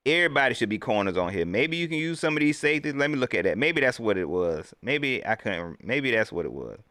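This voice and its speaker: Male fan-show host, casual livestream rant; lively, upward-leaning pitch, close dry mic. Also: fast, no echo. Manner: animated, swinging between loud outbursts and low mutters; Southern colloquial speech, mocking impressions of coaches. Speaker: sports fan channel host.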